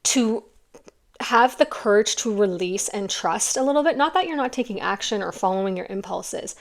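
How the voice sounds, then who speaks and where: Woman, middle-aged, tarot reader, chatty and rambling, gravelly fry in her voice. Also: medium pitch, lively intonation, fairly quick. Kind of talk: pick-a-card tarot reading.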